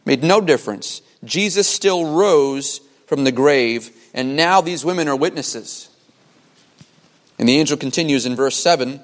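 Guy preaching a sermon, kinda high voice, long reverb hall, punchy repeats and pauses. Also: animated. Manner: emphatic preaching with dramatic pauses and repeated phrases. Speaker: pastor.

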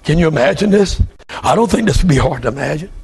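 A preacher man with a high, raspy, gravelly voice. He delivers a fervent revival sermon, swinging between loud shouts and repeated questions to the congregation. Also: animated, fast talker. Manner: fervent, shouting, repetitive calls.

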